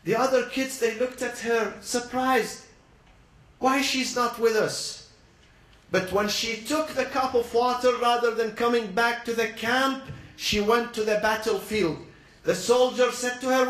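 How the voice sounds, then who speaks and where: High-voiced man preaching a story, echoey. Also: fairly bright tone. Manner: dramatic, slows and drops low for emphasis. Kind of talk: emotional sermon storytelling.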